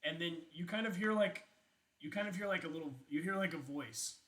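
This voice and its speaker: A man's voice: high-pitched, brisk, bright, forceful tone. A man narrating as game master of a tabletop game, chatty, with many fillers and laughs.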